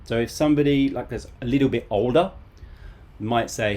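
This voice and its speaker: A man's voice: medium pitch, normal speed, a little mellow. A man in his thirties teaching a live online English lesson from home, casual and chatty with joking asides.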